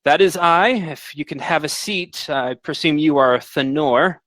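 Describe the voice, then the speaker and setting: A man voicing a stern, aloof male lord who speaks slowly and coldly. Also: fairly high pitch, a bit bright, dry recording. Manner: slow, measured, cold.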